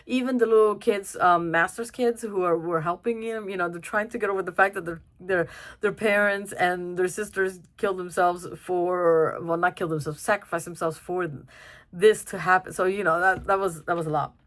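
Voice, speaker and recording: A young woman giving a chatty, casual film review, full of fillers and restarts and quick to laugh. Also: fairly low pitch, steady tone, fairly bright tone.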